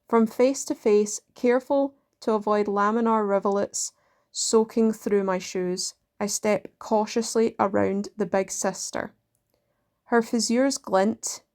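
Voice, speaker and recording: Slow, measured woman reading poetry. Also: medium pitch, a little mellow. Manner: slow, measured reading with pauses between lines. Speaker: poetry reader. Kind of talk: reading poems aloud.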